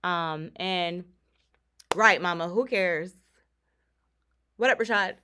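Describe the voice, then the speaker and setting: A woman hosting a casual talk radio show, animated and sassy, laughing often as she chats with listeners. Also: on the low side, takes it slowly, a little hiss or hum. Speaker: radio and stream host.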